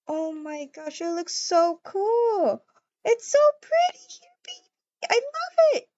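A woman voicing an excitable young adult girlfriend in a game role-play, gushing with delight. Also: very high voice, very slow, no room sound, dull audio, exaggerated voice.

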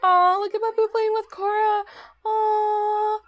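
A woman's voice: very high voice, level tone, takes it slowly, a little hiss or hum. A young woman casually commenting on her gameplay, chatty and easily delighted, laughing often. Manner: chatty, giggly, exclaims at small things. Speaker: let's play host.

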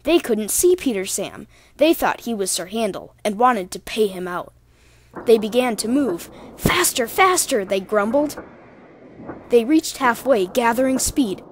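A woman narrating a children's storybook, expressive and voicing the characters. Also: on the high side, measured pace, a little hiss or hum.

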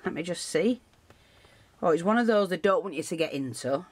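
Lady chatting through a craft tutorial, lowish voice, rambles and restarts a lot. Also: lively intonation, brisk, no room sound.

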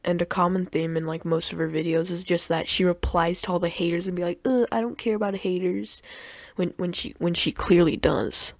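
A woman's voice: on the low side, little pitch movement, fairly quick, few pauses, no room sound. A young woman giving sarcastic, mocking commentary on clips, often tripping over her words. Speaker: commentary youtuber.

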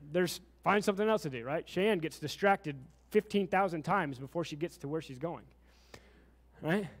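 High-voiced preacher in a reverberant church. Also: male voice. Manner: preaching with rising intensity, questions to the congregation. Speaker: pastor. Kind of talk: sermon. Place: church sanctuary.

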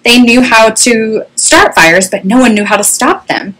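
A woman reading a children's story aloud with an animated, expressive delivery, recorded on a webcam. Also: fairly high pitch, unhurried, slightly rough, rough recording.

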